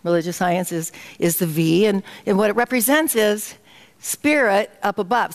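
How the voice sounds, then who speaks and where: A woman's voice: mid-range voice, moderate pace, creaky. A woman minister giving a sermon in a community center hall, leading the congregation through a guided meditation and spoken affirmations. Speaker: guest minister.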